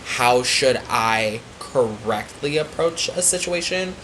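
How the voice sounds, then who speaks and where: A man's voice: mid-range voice, lively intonation, slow, bright, forceful tone, slight background noise, poor audio. Rambling man telling a story. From Florida. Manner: rambling storyteller, many fillers and restarts. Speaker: podcast guest, psychic medium. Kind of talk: casual chat.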